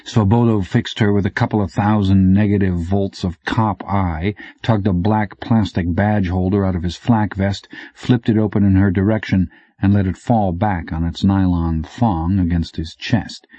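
A man narrating an audiobook in a low, even, hard-boiled delivery. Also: moderate pace, slightly rough, no room sound. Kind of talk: scripted narration. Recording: dull dry recording.

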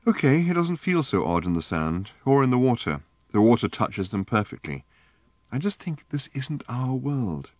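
A man's voice: mid-range voice, very animated, normal speed, darkish tone, no echo, pitched above the performer's own voice, lightly acted. A man voicing a wistful, uneasy young woman.

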